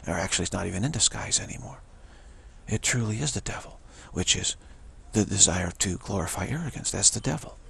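Here the same kind of spiritual teacher sounds low, husky and gravelly, yet brisk, expressive and fairly bright, with slight background noise. He preaches informally, repeating himself, restarting often and making emphatic declarations.

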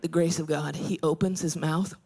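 A male stand-up comedian telling a story with animated delivery and shouted, acted-out rants. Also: fairly high pitch, normal speed, creaky. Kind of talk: stand-up routine. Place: comedy club stage. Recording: live club set with audience laughter. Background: audience laughter and noise.

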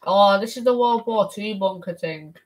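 A woman streams a game over a headset, excitable and quick to exclaim, now and then shouting. Her voice sits at a middle pitch. A steady background noise with clicks runs under her speech. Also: low-quality recording. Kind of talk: casual gaming stream commentary.

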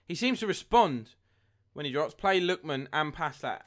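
A young man live-streaming a football game, chatting with viewers and getting excited at near misses. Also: fairly high pitch, normal speed. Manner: chatty, reads chat aloud, excitable at goals. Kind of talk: live gameplay commentary and chat.

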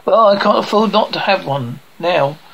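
An actor playing a gruff, short-tempered middle-aged family man in an animated sitcom. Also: high-pitched, normal speed, dull audio, exaggerated voice. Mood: defiant.

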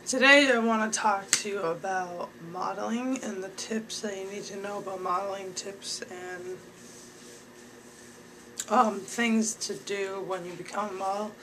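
A man's voice: high voice, fairly even intonation, measured pace, background noise. A young man giving casual advice straight to his viewers in a rambling way, with lots of fillers. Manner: rambling, filler-heavy, talks to viewers directly.

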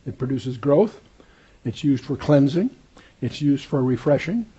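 Husky-voiced male Bible teacher, lo-fi. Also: medium pitch, animated, measured pace, warm tone. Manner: conversational, wry asides and digressions. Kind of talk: verse-by-verse Bible study lecture.

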